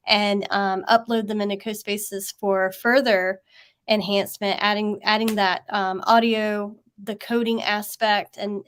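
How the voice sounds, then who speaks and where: A woman's voice: medium pitch, fairly bright tone. A woman with a Southern US accent hosting a webinar over a video call, chatty and laughing often, with many fillers. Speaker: webinar host and teacher. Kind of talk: casual chat.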